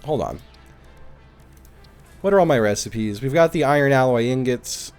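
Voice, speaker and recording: A man's voice: medium pitch, animated, moderate pace, a little mellow, soft background music. A young man streaming a game live, chatting casually, swearing and thinking aloud as he thanks viewers. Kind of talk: casual live-stream chat while playing.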